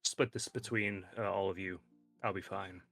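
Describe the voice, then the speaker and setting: A man playing a tabletop game who speaks calmly and deliberately. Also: deep voice, soft background music. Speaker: player.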